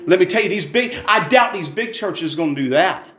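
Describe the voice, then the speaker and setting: A man's voice: sits high, expressive, a little fast, fairly bright tone, reverberant. A man preaching a fervent, folksy testimony sermon in a church, repeating his phrases for emphasis.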